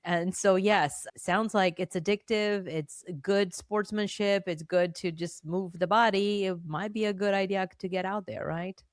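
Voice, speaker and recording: A woman's voice: mid-range voice, fairly even intonation, a little slow, hardly any pauses, no echo, studio quality. A woman hosting a business podcast, enthusiastic and asking long, multi-part questions. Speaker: podcast host. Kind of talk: interview hosting.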